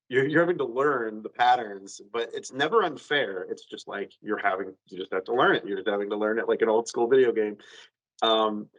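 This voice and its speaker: A man on a podcast, retelling a video game ending in an animated, rambling way with lots of fillers and some cursing. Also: on the low side, poor audio. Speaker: podcast co-host. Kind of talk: casual chat.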